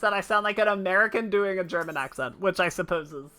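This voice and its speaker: A young adult woman streamer chatting casually and opinionatedly during a live game stream, full of fillers and quick laughs. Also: medium pitch, sharp tone, soft background music.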